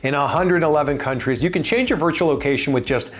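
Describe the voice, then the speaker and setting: A man's voice: a little high, quick pace. A man, the show's host, reading a sponsor ad in an upbeat, conversational way. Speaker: podcast host. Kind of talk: sponsor ad read.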